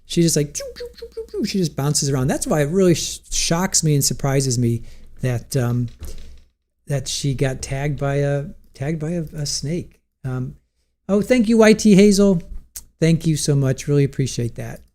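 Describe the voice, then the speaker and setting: A man's voice: on the high side, animated, moderate pace, warm tone. A man hosting a livestream from home, chatting casually, reading out viewer comments and laughing often. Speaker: livestream host. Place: home room with cats.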